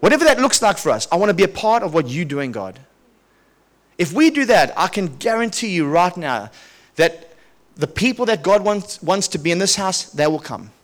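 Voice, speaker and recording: A male pastor preaching a sermon, telling a personal testimony in a lively, chuckling way and often repeating himself. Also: high voice, moderate pace.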